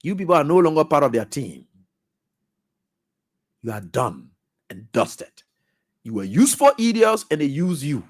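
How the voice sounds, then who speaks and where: Animated man on talk radio. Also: a little high, normal speed, long pauses. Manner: animated, scolding, mocking. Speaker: radio talk show host. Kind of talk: political commentary.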